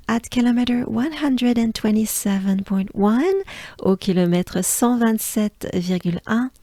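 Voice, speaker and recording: A woman with a French accent, a native of France, teaching pronunciation by slowly repeating words and coaxing the listener to say them along. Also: medium pitch, dark tone, no echo, clean studio sound. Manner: slow, drills words with repetition, coaxing. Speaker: pronunciation coach. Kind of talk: pronunciation lesson.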